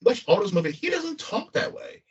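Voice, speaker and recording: An excitable man who jokes and laughs often in a casual podcast conversation. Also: extremely high pitch, normal speed, highs cut off, crowd noise.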